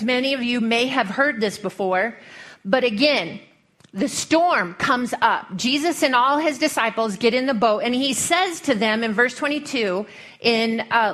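A woman's voice: on the high side, fairly bright tone. A woman preacher with a Western American accent, giving a folksy, humorous sermon full of storytelling.

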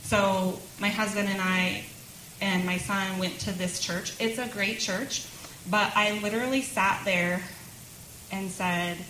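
A woman's voice: mid-range voice, fairly even intonation, slow pace, bright, forceful tone. A woman in her thirties giving a chatty personal testimony at a women's church gathering, laughing often between her words. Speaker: speaker sharing her testimony. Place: church meeting room. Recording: roomy sound with background noise.

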